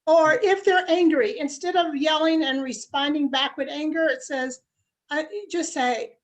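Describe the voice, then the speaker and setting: Mom and life coach with a high voice, acts out what she tells her kid. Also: steady tone, unhurried. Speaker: mother and life coach guest. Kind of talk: animated advice talk.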